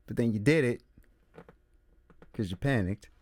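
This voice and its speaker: A man hosting a casual solo movie talk, emphatic and animated, repeating his points. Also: medium pitch, a little slow, no room sound. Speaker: movie review host. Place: room with a squeaky chair.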